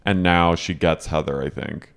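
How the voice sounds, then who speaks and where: A man's voice: a bass voice, steady tone, moderate pace, gravelly, clear, resonant tone. A man co-hosting a podcast, chatting casually and recapping a show with lots of fillers and quoted lines. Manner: chatty, with frequent fillers and quoting. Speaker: podcast co-host.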